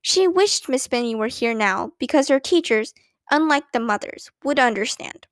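A woman reading a children's story aloud with clear, expressive narration. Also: high voice, moderate pace, no echo. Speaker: audiobook narrator.

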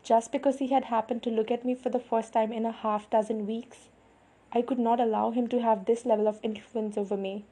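Female audiobook narrator: measured first-person storytelling, dark breathy tone. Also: on the high side, little pitch movement. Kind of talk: first-person novel reading.

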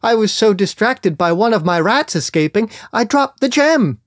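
A man's voice: high voice, expressive, normal speed, no echo, clean studio sound, pitched above the performer's own voice. Man doing an earnest male rat-swarm creature. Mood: worried. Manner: earnest, whiny, cries out when upset. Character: male rat creature made of many rats.

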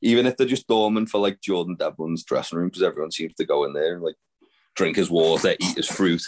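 A low-pitched man talks briskly as co-host of a casual wrestling podcast. He rambles, filling his speech with fillers and restarts.

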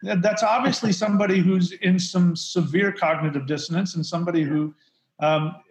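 Man, podcast guest, emphatic storyteller, slightly high voice, echoey lo-fi recording. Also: steady tone, fairly quick. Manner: emphatic, mocks preachers in put-on voices. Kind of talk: casual podcast conversation. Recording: roomy, dull lo-fi sound.

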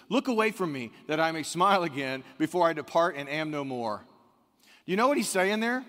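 Man preaching in an echoing hall. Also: a little high. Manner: conversational preaching with sudden loud emphatic rises. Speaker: pastor. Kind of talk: sermon. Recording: long reverb of a large hall.

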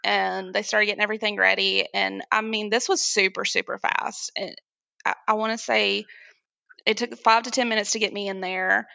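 A young woman tells a personal story as an interview guest, animated and quick to laugh. Her voice is strongly gravelly, with a bright, forceful edge. The recording is close and dry. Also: mid-range voice, no room sound. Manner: animated, laughs often while telling, acts out quoted voices.

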